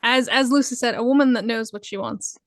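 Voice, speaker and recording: A woman's voice: on the high side, a little fast, dry recording, studio quality. A woman running a tabletop role-playing game as game master, narrating loosely with many fillers and small laughs. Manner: relaxed, hesitant with many ums and laughs.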